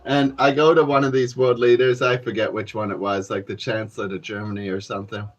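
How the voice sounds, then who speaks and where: A man's voice: lowish voice, flat delivery, brisk, lo-fi sound. A young man playing a comedy character, delivering a crude, rambling rant to the camera with profane, mumbled asides.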